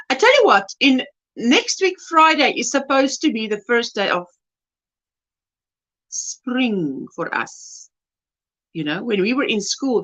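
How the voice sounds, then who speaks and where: A South African woman hosts a crochet livestream, greeting viewers one by one and reading their messages aloud. Her voice sits high and swoops up and down, and she takes her time. The recording sounds a little muffled and lo-fi. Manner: warm greetings, reads chat messages aloud, laughs often. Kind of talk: casual livestream chat reading viewer comments.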